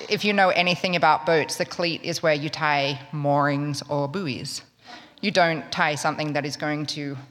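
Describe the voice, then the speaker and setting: An Australian woman with an Australian accent tells a wry, humorous true story in a conversational way, as live spoken storytelling. Her voice is low with a fairly bright tone. The recording carries the long reverb of a large hall.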